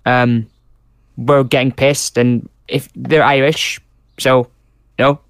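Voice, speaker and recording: Podcast co-host, Scottish man, blunt and sweary, smooth clear voice in a dry booth. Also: mid-range voice, little pitch movement, slow, dry recording. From Scotland. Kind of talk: casual chat.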